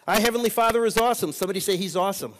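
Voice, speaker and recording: A male pastor delivers a sermon with a high-pitched voice, calling on his listeners to answer back. His voice rings out with a long reverb from the church sanctuary around him. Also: rapid-fire. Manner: preaching with call-and-response prompts.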